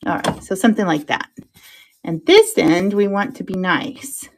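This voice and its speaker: A woman hosting a crafting show, chatting to herself as she works, self-mocking and quick to laugh, sometimes dropping into soft whispers while she concentrates. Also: medium pitch, very animated. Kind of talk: casual crafting chat.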